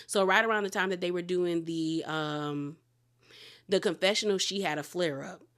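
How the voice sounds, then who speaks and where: A woman's voice: lowish voice, moderate pace, fairly bright tone. A woman hosting a casual reality TV recap, talking in a candid, outspoken way with gossipy asides. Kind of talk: casual spoken recap and commentary.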